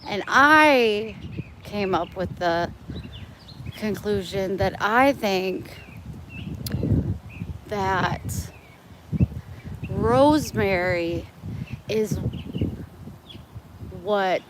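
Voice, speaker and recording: A woman walks outdoors vlogging on her phone, rambling to her livestream viewers and getting easily sidetracked. Her mid-range voice has lively intonation but moves very slowly with frequent pauses, while street noise, outdoor ambience and passing traffic fill the background.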